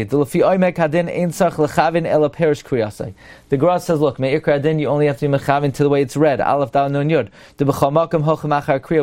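A rabbi with a fairly high, slightly mellow voice teaches a Torah study class in an explanatory lecture. He reads Hebrew passages aloud and then translates them.

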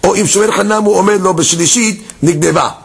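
A man teaching a Talmud class, moving between quick Hebrew text reading and explanation while acting out the claims in a case. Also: high-pitched, gravelly, breathy edge. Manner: lively, leaps between English and Hebrew text reading, acts out case dialogues.

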